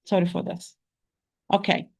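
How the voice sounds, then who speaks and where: Patient woman teacher for an online recitation lesson; repeats sounds slowly, often restarts mid-sentence. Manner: hesitant restarts, addresses listeners as sisters. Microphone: home computer mic on a shaky internet connection.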